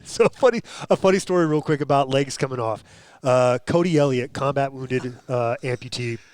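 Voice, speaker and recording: A man's voice: mid-range voice, normal speed. A man chatting as a podcast guest, telling stories with restarts and acted-out quotes. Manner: animated storyteller, restarts and acts out quotes. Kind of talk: casual podcast chat.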